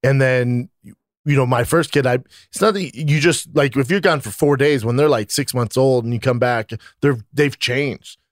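A man's voice: mid-range voice, moderate pace, no echo, clean studio sound. A man hosting a podcast, chatting casually with blunt, profane asides. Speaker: podcast host, comedian.

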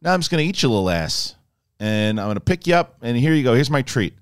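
A man's voice: mid-range voice, big pitch swings, fast, smooth, no echo, clean studio sound, close to an everyday voice. A man voicing a cocky, hungry tiny green alien child who talks trash in a brash way.

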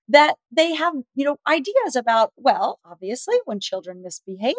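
A middle-aged woman speaking as the expert guest on a parenting podcast, telling stories lively and acting out the dialogue. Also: fairly high pitch, no room sound. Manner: animated storyteller, acts out dialogue. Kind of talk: podcast interview.

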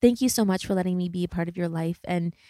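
A woman's voice: lowish voice, fast talker, mellow, no echo, clean studio sound. A woman in her thirties hosting a solo podcast, talking in an earnest, chatty way and often filling with "like" and "you know". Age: 30s. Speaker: podcast host. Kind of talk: reflective solo podcast monologue.

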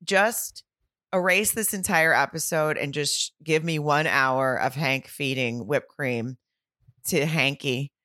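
A woman with a low, bright voice, co-hosting a chatty podcast. She tells stories with giggles and animated bits, recorded close and dry. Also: slow, no room sound. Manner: giggly, animated storytelling with mock singing. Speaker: podcast co-host. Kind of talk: casual chat.

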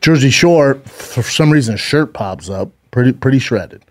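A man's voice: medium pitch, lively intonation, normal speed, darkish tone. A man co-hosting a casual podcast, spinning a long story. He acts out every quote with gusto and curses freely as he goes. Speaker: podcast co-host.

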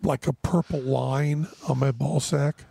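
A man's voice: medium pitch, fairly even intonation, a little slow, gravelly, warm tone, breathy edge, no room sound. A middle-aged man from New England hosting a casual backstage chat, blustering and swearing freely. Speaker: podcast host.

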